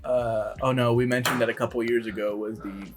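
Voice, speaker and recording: A man's voice: mid-range voice, fairly even intonation, a little fast, music in the background. A man co-hosting a podcast in casual chat, hesitant, with many fillers and restarts. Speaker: podcast co-host.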